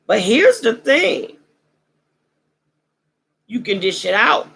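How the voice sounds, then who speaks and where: A woman vlogger speaks in an unhurried way, preachy and roasting, with slangy phrasing. Her voice is deeply gravelly and husky, and it rises and falls a lot. Her throat sounds dry, as if she is losing her voice. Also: big pitch swings, a bit bright, low-quality recording. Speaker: vlog host. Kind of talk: casual commentary monologue.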